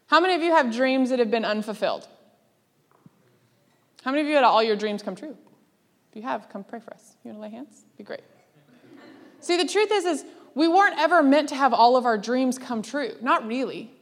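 A woman preaching a sermon in a lively, laughing way, acting out the voices she quotes. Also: high-pitched, fairly quick, pauses often. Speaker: speaker. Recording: long hall reverb.

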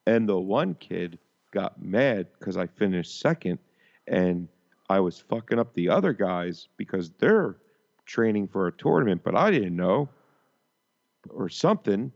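A man's voice: low voice, very animated, unhurried, vocal fry. A man co-hosting a podcast in casual chat, often stopping and restarting his sentences. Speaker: podcast co-host. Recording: dull lo-fi sound.

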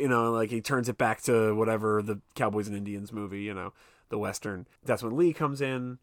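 A man's voice: lowish voice, fairly even intonation, brisk, no echo, studio quality. A man co-hosting a podcast, casually recapping a film with lots of swearing and acted-out character lines. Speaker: podcast co-host.

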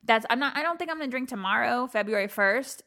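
A woman's voice: a little high, animated, quick pace, pushed and bright. A woman co-hosting a podcast in casual chat, teasing her friend, giggling and acting out dramatic reactions. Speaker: podcast co-host.

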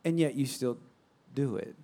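A man preaching a sermon, animated, swinging from loud calls to soft near-whispers and prompting the congregation. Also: mid-range voice, moderate pace. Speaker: pastor.

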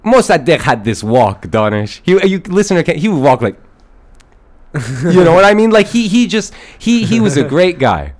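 A man's voice: a little high, sing-song, normal speed. A man hosting a podcast, riffing in character with a mock-grandiose, rambling and profane comedic rant recorded in a studio at night. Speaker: podcast host. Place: studio at night in a big city.

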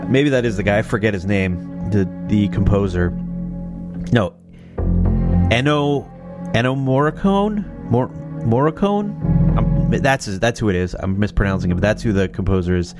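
A man's voice: lowish voice, normal speed. A man casually chatting about horror movie themes, rambling, correcting himself and swearing offhand. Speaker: host. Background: faint music playing.

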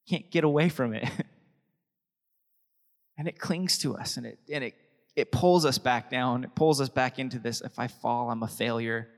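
A man's voice: mid-range voice, a little slow, creaky, long pauses, in a large hall. A young adult man preaching a sermon as pastor, chatty and anecdotal, often laughing between thoughts.

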